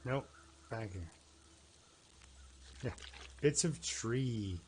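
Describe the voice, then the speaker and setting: A Canadian man streams a game and chats along as he plays, drifting between asides to his viewers and mutters to himself. His voice sits at an ordinary pitch, with a faint hiss of noise and game ambience behind it. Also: very slow, pauses often, a little mellow. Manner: chatty, rambling asides to chat and to himself. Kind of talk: casual gameplay commentary.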